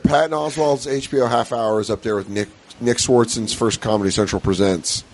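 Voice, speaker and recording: A man's voice: mid-range voice, fairly even intonation, a little fast, a little hiss or hum. A man in casual comedy-podcast chat, laid-back and jokey.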